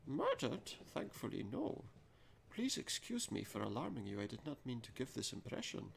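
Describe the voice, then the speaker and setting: A man's voice: medium pitch, huge pitch swings, moderate pace, vocal fry, a little hiss or hum, heavily acted. A man putting on an accented, grave scholar. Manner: reads in a put-on accent.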